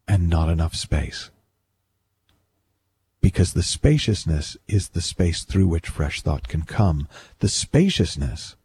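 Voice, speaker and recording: A man's voice: deep voice, dark tone, a little hiss or hum. A man giving a reflective, conversational monologue, talking his way through ideas with restarts and acted-out bits of self-talk. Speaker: speaker on mindset.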